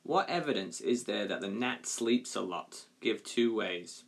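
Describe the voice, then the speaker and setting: A male primary school teacher reading a story aloud to his class in a clear, measured way. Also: lowish voice, animated.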